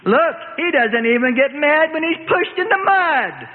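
A sassy village girl taunting in a sing-song, as a man puts her on. The pitch climbs high, and the sound is thin, like a phone line, with a long echo. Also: big pitch swings, a little slow, full character voice. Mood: jeering. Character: jeering young village girl.

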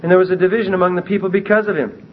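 A man giving a verse-by-verse Bible teaching, emphatic and animated as he reads scripture aloud and explains it. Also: high voice, rapid-fire, slight background noise. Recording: dull lo-fi recording.

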